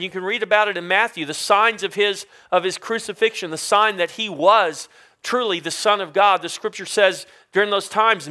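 Bright, high-voiced preaching man. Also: no echo, clean studio sound. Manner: preaching with rising and falling emphasis, asking the congregation "Amen?". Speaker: pastor. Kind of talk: sermon.

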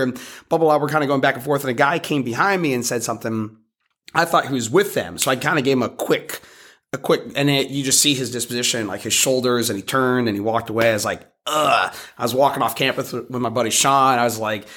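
A man's voice: mid-range voice, fairly bright tone. A man, a street preacher and podcast host, telling stories in a casual, rambling way with many restarts. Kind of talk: casual conversational storytelling.

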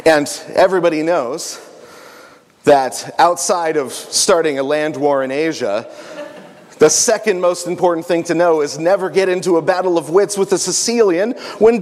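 Playful man telling a story in an echoey hall. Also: on the high side. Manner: animated, joking asides. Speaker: speaker at a family camp.

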